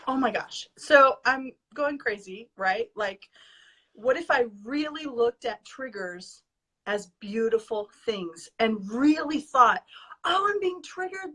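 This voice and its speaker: A woman's voice: fairly high pitch, lively intonation, slow pace, bright, forceful tone. A woman guest earnestly sharing a personal spiritual experience, emotional and sincere, at times reading from her notes. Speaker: guest, spiritual advising student. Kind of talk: heartfelt personal sharing in an interview.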